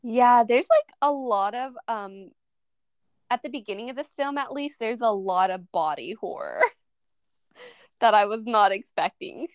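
A woman's voice: on the high side, animated, measured pace, clean tone, no room sound. A woman co-hosting a podcast, casually recapping a horror movie scene by scene with lots of "um" and "like". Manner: recaps scenes at length with many fillers. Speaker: podcast co-host. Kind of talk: casual movie review chat.

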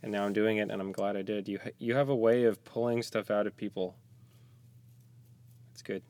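A man who is a parent, talking as a guest on a podcast in a small closet, tired, soft-spoken and halting, with joking asides. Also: on the low side, steady tone. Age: young adult to middle-aged, a parent. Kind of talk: casual podcast chat.

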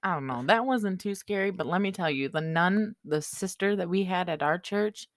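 Blunt, lower-voiced young woman. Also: moderate pace, dry recording, clean studio sound. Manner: blunt, swears freely, emphatic. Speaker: podcast co-host. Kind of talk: casual podcast chat.

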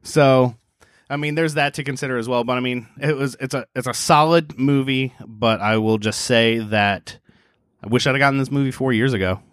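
A man's voice: mid-range voice, normal speed, a bit bright, smooth, dry recording, studio quality. A man co-hosting a casual podcast, chatty and opinionated, with frequent fillers. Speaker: podcast co-host. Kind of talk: casual chat.

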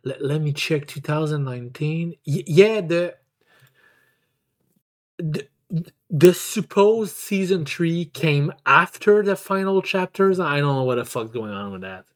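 Stammering man with a fairly high voice. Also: expressive, unhurried. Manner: stammering, repeats words, heavy swearing. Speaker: podcast co-host. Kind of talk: casual chat.

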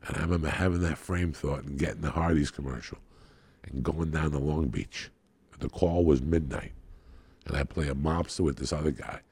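Gravelly low-voiced man telling a profane story. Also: normal speed, dry recording. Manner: profane, animated storyteller, acts out the people in his story. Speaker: guest comedian. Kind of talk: storytelling on a podcast.

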